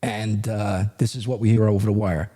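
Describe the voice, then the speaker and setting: A middle-aged man, a retired federal agent, telling a story in an animated, conversational way as a guest. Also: on the low side, normal speed. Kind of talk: storytelling in a podcast interview.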